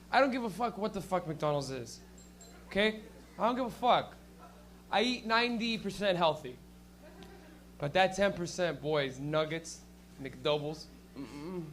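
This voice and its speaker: Brief: male stand-up host, crude and rambling, high bright voice, small live room. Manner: crude, rambling, swears a lot. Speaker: comedy show host and comic. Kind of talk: stand-up and crowd work. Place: small comedy venue with a live audience.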